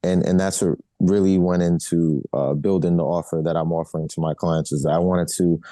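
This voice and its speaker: A man's voice: low voice, fairly even intonation, brisk, dark tone, no echo. A man answering interview questions casually, often filling with "you know" and restarting phrases. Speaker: guest.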